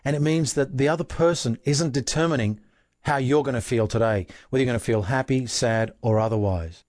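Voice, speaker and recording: A man's voice: mid-range voice, fairly quick, a little mellow, no room sound. Earnest Australian man, dry studio sound. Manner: earnest, asks rhetorical questions. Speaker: self-help author and relationship coach. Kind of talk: explanatory self-help talk.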